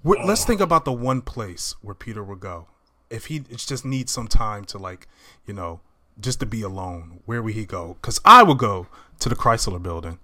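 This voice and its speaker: A man's voice: fairly low pitch, lively intonation, normal speed, bright, forceful tone. A man casually retelling a movie scene by scene to friends, acting out the characters' lines. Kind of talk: casual movie recap chat.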